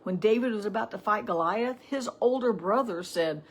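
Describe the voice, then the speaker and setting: A woman's voice: mid-range voice, moderate pace, husky. A middle-aged woman giving a casual morning devotional, talking in a chatty way with frequent "right?" asides. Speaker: devotional teacher.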